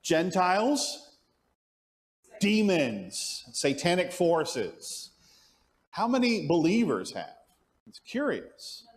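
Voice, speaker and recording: A man leads an adult Bible class in a church classroom. His pitch rises and falls with a lively range. He poses questions to the room and answers them himself, and he often stumbles and restarts as he thinks. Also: drawn-out words, long pauses. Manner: thinks aloud with frequent restarts. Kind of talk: Sunday morning Bible class teaching.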